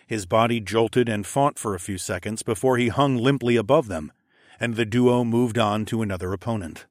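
A man reading a first-person audiobook in steady, measured scripted narration. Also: fairly low pitch, no room sound, studio quality.

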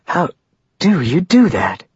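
A man voicing an impassioned adult woman, raising his husky voice and speaking breathily. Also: huge pitch swings, slow, a little mellow, no echo, lo-fi sound, heavily acted. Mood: tender. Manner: raised pitch, breathy and emotional. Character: impassioned adult woman, anxious then tender.

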